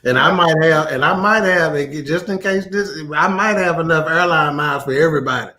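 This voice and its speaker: A man's voice: fairly high pitch, a little fast, sharp tone. A man from Texas, co-hosting a podcast in casual chat, teasing the others. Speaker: podcast co-host.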